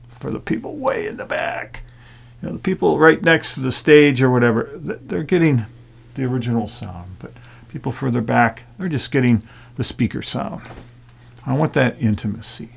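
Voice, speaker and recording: A man who plays gongs talks in a relaxed, reflective way about quiet sounds, often dropping his voice into a soft whisper. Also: mid-range voice, gravelly, a little hiss or hum. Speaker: gong player and sound healer. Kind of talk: casual talk to camera.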